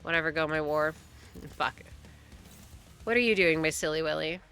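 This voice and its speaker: A young woman streaming a game, her voice sitting fairly low yet coming across bright and forceful. She chats casually, cracks jokes, swears freely and reads the story lines aloud, with faint game music behind her. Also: moderate pace, clear, resonant tone. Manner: chatty, jokey, swears, reads dialogue aloud. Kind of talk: casual live-stream commentary.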